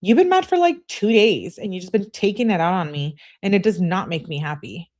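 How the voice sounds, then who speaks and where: A woman's voice: mid-range voice, lively intonation, brisk, darkish tone, close to an everyday voice. A woman reading aloud as an upset teenage girl, clingy and indignant, complaining in an exasperated way. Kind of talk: reading text messages aloud.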